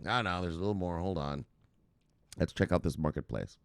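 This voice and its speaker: A man's voice: low-pitched, expressive, a little fast, vocal fry, a little mellow, smooth, no room sound. A man hosting a crypto news show, reading articles aloud and riffing on them in a profane, rambling way. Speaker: crypto news channel host.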